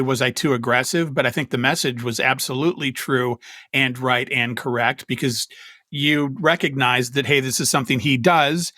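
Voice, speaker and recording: A man's voice: mid-range voice, bright, forceful tone, dry recording, clean studio sound. A man co-hosting a podcast, talking in a reassuring, conversational way. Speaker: podcast co-host. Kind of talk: casual chat.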